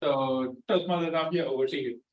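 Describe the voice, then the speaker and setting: A man's voice: medium pitch, a little fast. A man, hosting a club meeting and giving brief, formal introductions. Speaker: meeting host. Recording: echoey, distant, dull laptop audio.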